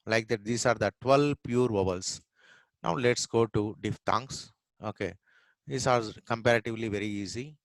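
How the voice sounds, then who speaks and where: A man's voice: lowish voice, steady tone, normal speed, no echo, poor audio. A middle-aged man teaching pronunciation, repeating each word several times and contrasting it with the wrong way to say it. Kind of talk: classroom lesson, drilling words one at a time.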